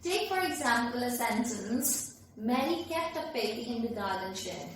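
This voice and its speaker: A woman's voice: a little high, animated, a little slow, slight background noise. A woman, teaching a lesson in an emphatic, explanatory manner. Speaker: English teacher. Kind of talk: classroom lesson. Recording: very echoey room, voice from far off the mic.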